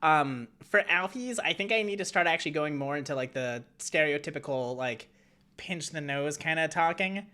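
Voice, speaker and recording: A man's voice: a little high, animated, normal speed, bright, forceful tone, smooth. A man streaming a game, musing casually in a rambling way full of fillers. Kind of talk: casual chat.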